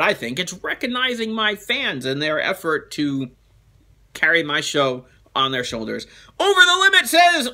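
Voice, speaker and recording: Man, show host, high bright voice, lively swinging pitch, casual fan-mail chat, laughs a lot. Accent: New Jersey. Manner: animated, laughing, chatty with asides.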